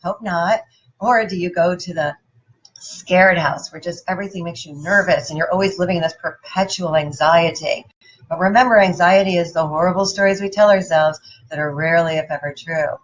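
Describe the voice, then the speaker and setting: Woman, motivational speaker, playful, animated, talks to the audience, muffled lo-fi sound. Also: fairly low pitch, moderate pace.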